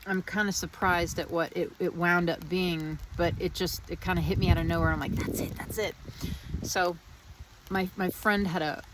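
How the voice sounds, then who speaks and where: A woman's voice: on the low side, steady tone, normal speed, noisy background. A woman vlogging outdoors in the rain, musing in a meandering, reflective way with many restarts. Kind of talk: casual spiritual reflection.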